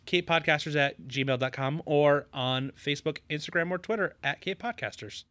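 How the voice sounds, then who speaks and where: A man's voice: fairly high pitch, normal speed, dry recording. A man co-hosting a podcast, recapping a movie in casual chat and acting out characters' lines with jokes. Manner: animated, jokey, acts out quoted characters. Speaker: podcast co-host.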